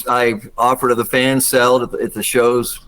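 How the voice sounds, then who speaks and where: An older man from Georgia with a Southern accent, telling stories as a guest, acting out quotes with big jumps in pitch and laughing often. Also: level tone, moderate pace, a bit bright, poor audio. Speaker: guest actor. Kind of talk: casual storytelling interview.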